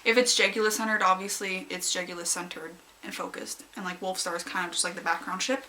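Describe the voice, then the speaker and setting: A young woman giving a casual, rambling review of a story she loved, excitable and giggly, jumping into high squeals when she acts out her own reactions. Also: quick pace, noisy background. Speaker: fanfic reviewer.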